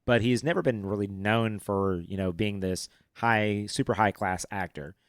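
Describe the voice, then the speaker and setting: A man hosts a casual movie podcast, his voice low and smooth. He rambles along with plenty of fillers and restarts, recorded dry and close. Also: moderate pace, no room sound. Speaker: podcast host.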